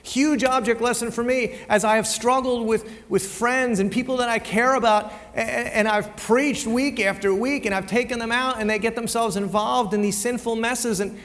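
A man's voice: very high voice, steady tone, normal speed, few pauses, fairly bright tone. A male pastor preaching a conversational sermon in a church, often repeating words as he goes and asking the congregation rhetorical questions. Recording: long hall reverb.

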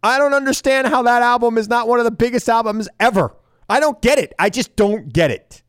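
A man's voice: extremely high pitch, a little fast, fairly bright tone, smooth, no room sound, clean studio sound. A man in his forties hosting a talk radio show, chatting casually and telling stories with enthusiasm.

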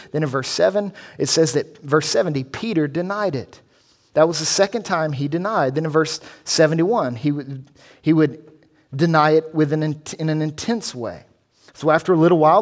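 A pastor delivers a sermon in a voice that sits a little higher than most men's. He preaches earnestly, pressing his points with rising emphasis as he explains the passage. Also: darkish tone.

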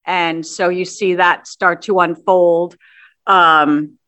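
A woman, a theater director, answering interview questions in a measured way with frequent ums. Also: lowish voice, fairly even intonation, a bit bright.

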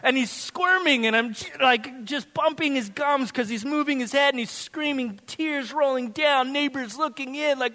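A man in his thirties preaching a sermon as pastor, telling funny, animated family stories. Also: very high voice, moderate pace, few pauses, long reverb tail. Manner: animated, humorous storytelling. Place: church sanctuary.

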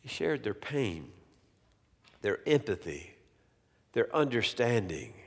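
A male preacher delivering a sermon slowly and emphatically, repeating key phrases for weight. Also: lowish voice, big pitch swings. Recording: long hall reverb.

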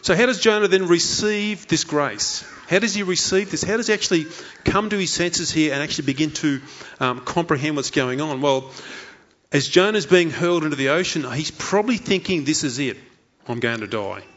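Man, pastor, earnest sermon, rhetorical questions, slightly high voice. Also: a little fast, a bit bright, highs cut off. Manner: earnest preaching, rhetorical questions, acts out inner thoughts.

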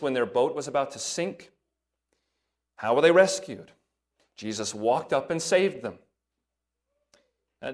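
A man preaching from the pulpit, working steadily through a passage of scripture. He reads the verses with lifted emphasis and drops to a softer, lower voice for brief asides. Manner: breaks into soft asides in a lower voice. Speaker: pastor. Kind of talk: sermon.

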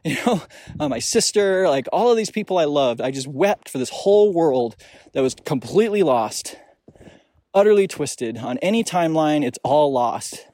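A young man hosting a podcast, telling a deeply personal story in a reflective, emotional way with frequent restarts. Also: darkish tone, dry recording. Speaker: podcast host. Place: outdoors on a snowy mountain.

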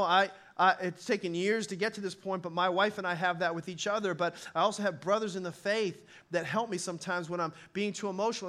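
A middle-aged man preaching a sermon in a loose, conversational way, talking straight to his congregation and now and then acting out short voices. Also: sits high. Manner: animated, conversational, acts out quick voices. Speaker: pastor.

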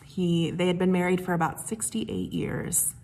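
Husky-voiced woman pastor preaching gently. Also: lowish voice. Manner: gentle, unhurried storytelling with soft hushed moments. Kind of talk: sermon with personal stories.

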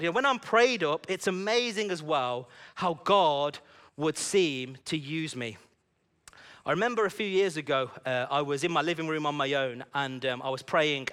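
A man preaching a sermon in a church service, telling a personal story in an animated, conversational way. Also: fairly high pitch.

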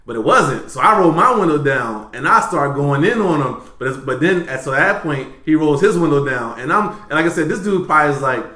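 A man with a slightly high voice tells a story in casual podcast chat. He is animated and profane, jumping from loud bursts to quiet mutters. The room around him is roomy and echoey. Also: fairly quick, few pauses. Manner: animated, profane, swings between loud and low. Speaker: podcast host.

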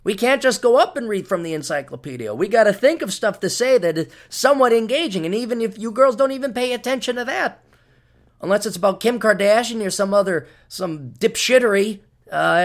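A man's voice: sits high, animated, fairly quick. A man from the United States hosting his own podcast in a rambling, sarcastic, mock-ranting monologue. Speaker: podcast host.

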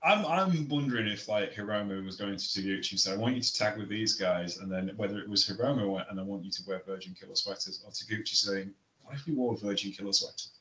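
A man talks wrestling in a loose, chatty way, often breaking into laughter and repeating himself as he goes. His voice is bright and forceful, sitting a little low. The room around him is echoey. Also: quick pace, few pauses, slight background noise. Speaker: podcast co-host. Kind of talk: casual wrestling chat.

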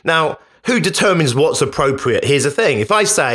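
A man's voice: fairly high pitch, expressive, moderate pace, a bit bright, husky. A man hosting a podcast, speaking in an emphatic, conversational motivational monologue that often repeats itself. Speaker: podcast host.

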